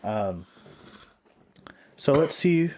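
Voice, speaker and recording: A man's voice: medium pitch, extremely slow. A man in his twenties from the Pacific Northwest, co-hosting a podcast in casual, jokey chat. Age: 20s. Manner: animated, jokey, rambling storyteller. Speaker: podcast co-host.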